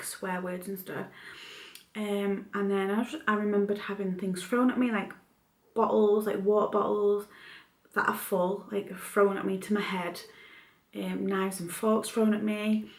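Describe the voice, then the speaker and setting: A woman's voice: mid-range voice, level tone, normal speed. A young woman telling a personal story in a rambling, casual vlog, with lots of fillers and restarts. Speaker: vlogger. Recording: echoey room.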